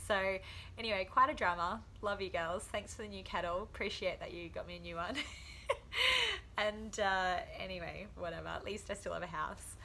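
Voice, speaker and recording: A woman's voice: medium pitch, fairly even intonation, normal speed, vocal fry, bright, forceful tone, slight background noise. A young woman telling funny stories in a casual vlog, laughing often and acting out quotes. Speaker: vlogger, professional boxer.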